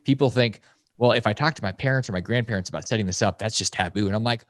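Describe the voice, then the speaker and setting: A man in his forties speaking at a rapid clip in a fairly low voice, close and dry on the mic. He talks bluntly as a podcast guest, punching his points with sudden high, mocking quoted voices. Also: no room sound. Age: 40s. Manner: emphatic, swings into loud mocking quotes. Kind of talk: fast, blunt podcast talk.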